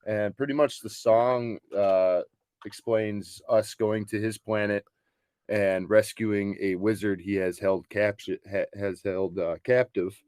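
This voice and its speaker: Rambling, low-voiced band member. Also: male voice, darkish tone, dry recording. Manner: rambling, many ums and uhs. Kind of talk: casual interview chat.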